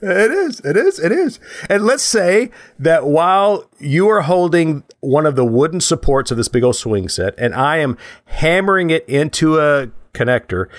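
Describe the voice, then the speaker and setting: A man's voice: a little high, no room sound, studio quality. A man co-hosting a casual chat podcast, explaining ideas through playful hypotheticals with light chuckles. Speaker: podcast co-host.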